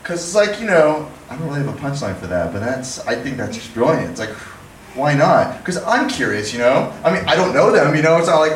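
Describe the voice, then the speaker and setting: A young man performing a rambling stand-up set, slipping into quick character voices, recorded in an echoey room from far off. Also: fairly high pitch, sing-song, a little hiss or hum. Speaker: stand-up comedian. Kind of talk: open-mic stand-up set.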